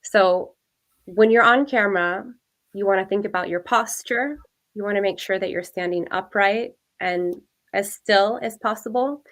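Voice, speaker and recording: A woman speaking as a guest coach, giving clear, practical advice in a measured way. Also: mid-range voice, fairly bright tone. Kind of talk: advice in an interview.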